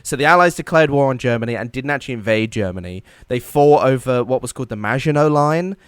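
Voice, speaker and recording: Male podcast co-host, jokey storyteller, smooth resonant voice, dry recording. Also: medium pitch, lively intonation, fast, no echo. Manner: jokey storytelling, acts out silly quoted voices. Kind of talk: casual comedic history chat.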